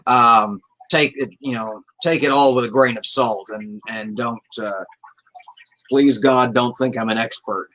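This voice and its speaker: A man chatting on a casual livestream, rambling loosely and reading out messages from chat. His voice is bright and forward, and he swears in an offhand way. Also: medium pitch, low-quality recording. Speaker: livestream host.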